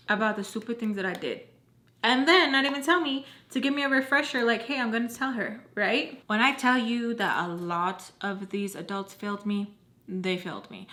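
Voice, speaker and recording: Young woman vlogging a storytime, bright voice, super animated, lots of "like". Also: medium pitch. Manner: animated, acts out quotes, says "like" often. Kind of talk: casual storytelling.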